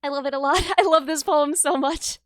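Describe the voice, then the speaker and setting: A high-pitched young woman talks casually on her live stream from her bedroom, laughing easily and answering chat as she goes. Her voice sits dry and close, with no room sound around it. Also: steady tone, a little fast, fairly bright tone, dry recording. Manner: giggly, chatty, reads chat aloud. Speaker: livestreamer.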